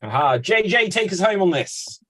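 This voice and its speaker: A man hosting an online improv game over a video call, brisk, playful and teasing. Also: high-pitched, lively intonation, a bit bright. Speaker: host.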